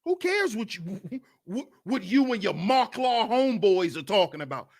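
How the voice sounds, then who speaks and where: A man hosting a livestreamed podcast, talking in an animated, mocking way and often asking "you see?". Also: sits high, normal speed. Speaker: podcast host. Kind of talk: livestream commentary.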